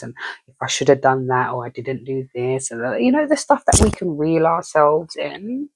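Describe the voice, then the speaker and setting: With vocal fry in a mid-range voice and no room sound, a spiritual reader delivers a loose, meandering spiritual message. Chatty throughout, the speaker repeatedly checks in with the listener by asking "you know what I mean."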